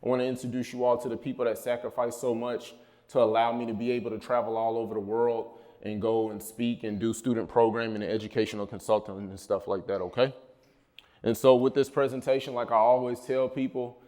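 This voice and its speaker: A man's voice: medium pitch, little pitch movement, a little fast, mellow. Man telling family stories to a crowd. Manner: casual, personal storytelling with call-and-response asides. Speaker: speaker at a mental health summit. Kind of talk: motivational talk to students. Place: college event hall.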